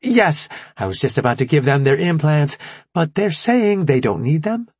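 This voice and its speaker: A woman's voice: sits low, big pitch swings, moderate pace, a little mellow, breathy edge, no room sound, voice pushed up, heavily acted. A man voicing a chirpy, eager young woman scientist. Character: bubbly young female chief scientist, eager.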